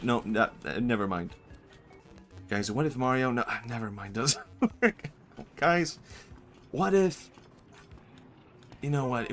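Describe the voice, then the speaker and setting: A man's voice: medium pitch, fairly bright tone. A man streaming a video game, chatting casually, joking, laughing often and dropping his own bits. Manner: rambling, jokey, laughs often, abandons bits. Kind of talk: casual gaming stream commentary.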